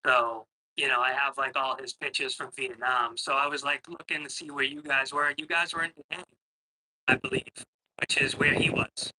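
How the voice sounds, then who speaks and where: Middle-aged man, caller on a computer mic, rambling and hesitant, swears a lot, very bright and sharp tone. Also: medium pitch, little pitch movement, normal speed, slight background noise, low-quality recording. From Boston, Massachusetts. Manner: rambling, hesitant, profane ranting. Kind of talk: casual call-in chat. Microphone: computer microphone.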